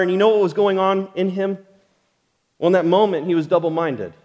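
A man preaching a sermon as pastor, earnest and conversational, asking the congregation rhetorical questions. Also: sits high. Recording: long hall reverb.

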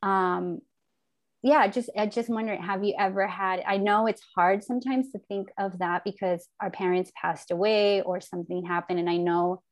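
A woman in her forties talks openly and reflectively, her voice sitting at an ordinary middle pitch. She speaks casually and earnestly as a host in conversation, with a swear word here and there. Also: steady tone, normal speed. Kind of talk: candid heartfelt conversation.

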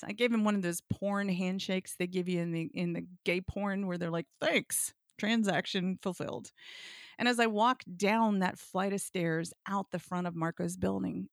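Frank, gravelly-voiced woman storyteller. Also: mid-range voice, moderate pace, few pauses, dry recording, clean studio sound. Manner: frank, deadpan delivery with bursts of laughter. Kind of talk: comic personal storytelling.

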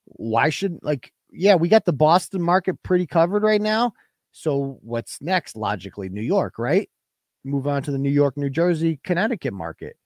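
A man's voice: fairly high pitch, big pitch swings, normal speed, darkish tone, no echo, studio quality. Brash, profane man hosting a livestream. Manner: reads out viewer donations. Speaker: host of a live web show. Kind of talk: casual livestream rant.

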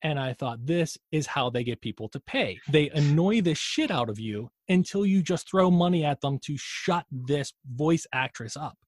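A man's voice: on the high side, expressive, moderate pace, hardly any pauses, no echo, studio quality. A man co-hosting a podcast in casual chat, rambling through tangents and swearing freely. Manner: rambling, profane, admits his own tangents. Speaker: podcast co-host.

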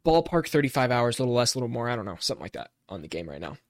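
A man's voice: mid-range voice, very fast, no echo, studio quality. A young man co-hosting a casual gaming podcast, telling a story with rising, worked-up energy. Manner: animated storytelling, rises when worked up. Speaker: podcast co-host.

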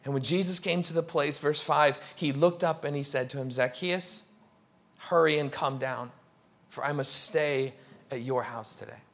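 A male pastor preaching a sermon, telling a story with lively acted-out crowd voices. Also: a little high, moderate pace.

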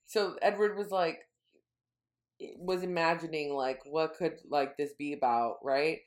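A woman co-hosts a podcast in casual chat, with a fairly low voice. She retells a story in a rambling way, full of fillers and quick self-corrections. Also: steady tone, reverberant. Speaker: podcast co-host. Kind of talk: casual book recap chat.

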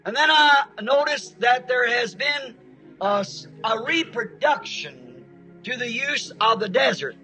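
High, bright folksy preacher man. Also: animated, a little slow, soft background music, low-quality recording. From Arizona. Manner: folksy, plain-spoken, homespun grammar. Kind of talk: storytelling sermon.

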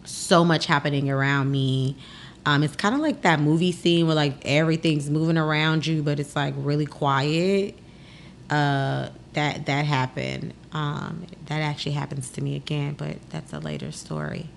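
A woman's voice: low voice, normal speed, creaky, slight background noise. A young adult woman hosting a podcast, telling a personal story in casual talk and acting out the voices of the people in it. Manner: animated, acts out the voices of people in her story. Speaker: podcast host.

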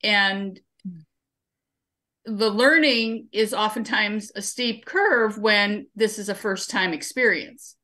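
A woman's voice: mid-range voice, slow, pushed and bright. A woman guest in an interview, explaining her civic training work through everyday examples and anecdotes. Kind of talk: conversational interview answers.

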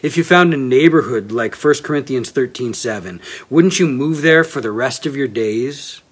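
A man's voice: medium pitch, moderate pace, slightly rough. Earnest, casual male preacher. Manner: self-deprecating, conversational, earnest. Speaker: pastor. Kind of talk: casual sermon with a read-aloud passage.

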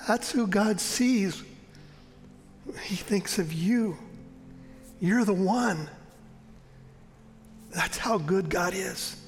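A man preaching a sermon in church as pastor, earnest and emphatic, often slowing down and dropping to a soft hush. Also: sits high, long reverb tail, faint music behind.

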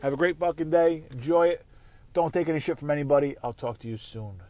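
A man's voice: a little high, fast talker, darkish tone, no room sound. A man hosting a casual solo sports podcast, rambling and swearing freely. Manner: rambling, profane, conversational. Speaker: podcast host.

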